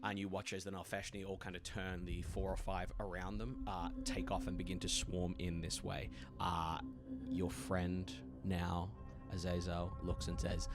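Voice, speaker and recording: Deep-voiced male game master over music. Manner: relaxed, many "uh" fillers, quick laughs. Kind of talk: narrating a one-on-one tabletop game.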